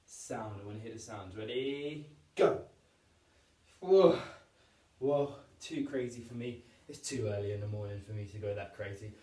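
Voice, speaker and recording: A man's voice: lowish voice, fairly even intonation, moderate pace, few pauses, a little mellow. Upbeat man teaching a kids' PE class. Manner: upbeat, encouraging, demonstrating moves while talking. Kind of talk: home PE lesson for young children. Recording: roomy echo, voice from a distance.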